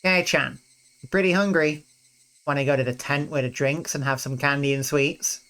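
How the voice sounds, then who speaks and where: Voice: mid-range voice, steady tone, normal speed, a bit bright, natural voice. A reader voicing pushy cheerful teen girl Mion. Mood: coaxing.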